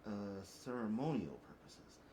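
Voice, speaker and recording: A man voicing a male master assassin who reads out a formal letter in a put-on accent, muffled by a mask, with a stiff, halting delivery. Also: medium pitch, very animated, darkish tone, a little hiss or hum, close to an everyday voice. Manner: stiff, formal reading with stumbles. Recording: roomy echo.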